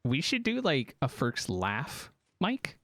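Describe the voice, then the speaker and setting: A man's voice: medium pitch, slow pace, no echo, clean studio sound. A man chatting casually on a live stream, joking around and reacting to viewers' comments. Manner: animated, joking, reacting to chat.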